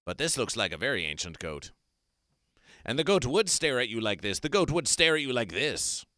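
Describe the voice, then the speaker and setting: Bright, grandiose man proclaiming absurdly. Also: mid-range voice, big pitch swings, moderate pace, no echo. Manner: grandiose, repetitive, mock-solemn proclamations. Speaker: comedy performer. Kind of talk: absurdist livestream chat.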